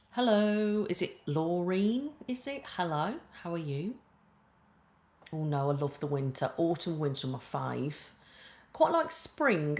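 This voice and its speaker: British woman, low voice, casual rambling live-stream chat, echoey room. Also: darkish tone. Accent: British English. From Britain. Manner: chatty and rambling, with lots of "like" and "um". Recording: roomy echo.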